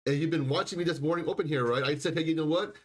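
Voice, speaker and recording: A man hosting a live stock and crypto stream, talking insistently and repeating himself, often clearing his throat. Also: fairly high pitch, racing. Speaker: livestream stock and crypto host. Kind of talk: live market commentary.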